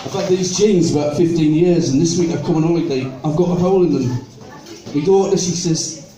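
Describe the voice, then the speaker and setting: A man's voice: a little high, a little fast, a crowd in the background. An older man doing stand-up comedy, telling chatty stories and acting out people in his jokes, with an audience sing-along. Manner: chatty storytelling, acting out other people in joke dialogue. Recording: echoey venue, mic heard from a distance.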